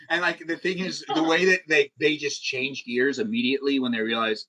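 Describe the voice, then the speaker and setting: A young man hosting a live stream, chatting casually and telling stories in a rambling, animated way with many fillers. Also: mid-range voice, a little fast, hardly any pauses, rough recording. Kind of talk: casual chat.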